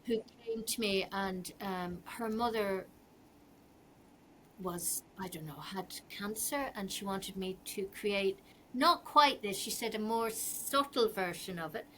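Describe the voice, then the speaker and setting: A woman's voice: mid-range voice, slow pace, fairly bright tone, a little hiss or hum. A middle-aged Irish woman, a fashion designer, chatting as a podcast guest and telling rambling stories with many ums. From Ireland. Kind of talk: casual interview chat.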